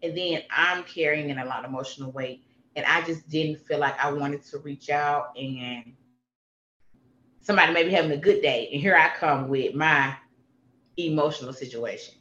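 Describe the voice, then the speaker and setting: Candid guest, bright forceful delivery, emphatic repeats; roomy, slightly muffled recording. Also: medium pitch, moderate pace, a little hiss or hum. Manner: emphatic and animated, repeats phrases for punch. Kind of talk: candid personal conversation. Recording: roomy, slightly dull sound.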